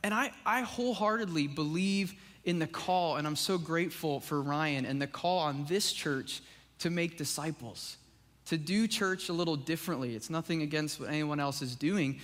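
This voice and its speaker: High-voiced man preaching in a reverberant hall. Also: normal speed, fairly bright tone. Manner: conversational, fills with "like" and "right?". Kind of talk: casual sermon. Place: church sanctuary. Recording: long reverb of a church hall.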